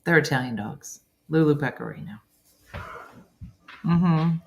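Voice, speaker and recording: A woman's voice: sits low, expressive, a little slow, vocal fry, a little hiss or hum. A middle-aged woman hosting a casual morning show, reading viewer comments and reacting with chatty asides. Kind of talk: casual chat.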